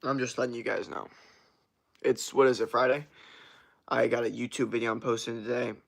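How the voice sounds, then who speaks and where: A young man chatting casually on a morning livestream, loose and rambling, swearing often, with a rough morning voice. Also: medium pitch, little pitch movement, fairly quick. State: morning voice, sore from workout. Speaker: streamer.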